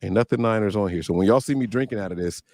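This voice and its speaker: Man co-host, lowish voice, dry close mic, casual banter. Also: racing, a little mellow, no echo. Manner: loose, joking, slangy. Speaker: podcast co-host. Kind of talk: casual livestream chat.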